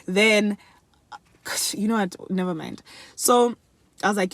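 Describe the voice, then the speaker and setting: A young woman chatting casually to camera in a favourites vlog, animated and laughing often, switching between English and another language mid-sentence. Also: on the low side, moderate pace, dry recording. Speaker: beauty and lifestyle vlogger. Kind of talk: casual chat.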